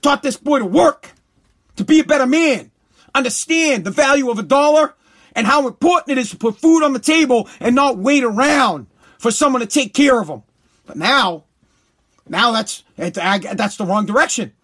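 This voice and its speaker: A man ranting heatedly in a commentary, swearing, repeating himself and breaking into shouts. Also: very high-pitched, lively intonation, normal speed. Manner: heated, profane, repetitive, bursts into shouting.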